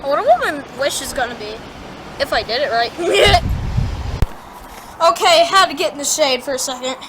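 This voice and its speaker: A woman voicing an excitable young boy in a homemade plush toy video, shouting, laughing and talking while out of breath. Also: high voice, normal speed, noisy background. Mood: chatty.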